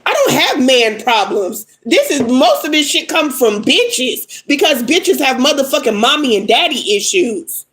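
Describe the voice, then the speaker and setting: Animated and high-voiced, a young adult woman talks at a normal speed with a bit of brightness, though the audio is poor. She's reading tarot on a casual livestream, angry and upset, venting at commenters bluntly and with lots of swearing.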